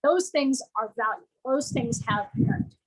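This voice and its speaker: A woman giving a lively, playful presentation to business owners, often acting out what customers might say. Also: a little high, moderate pace, slightly rough, low-quality recording.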